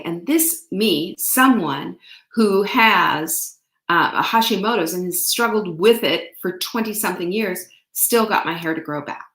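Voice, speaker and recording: A woman's voice: lowish voice, a bit bright. A woman in her sixties, a nutritionist, hosting a live question-and-answer show and talking chattily and upbeat to her viewers, teasing them as she goes. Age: 60s. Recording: echoey room.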